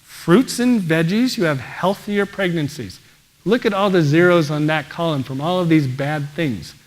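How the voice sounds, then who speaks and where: A man, a pediatrician, giving an energetic presentation and often exclaiming in wonder. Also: on the high side, moderate pace. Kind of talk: enthusiastic presentation talk.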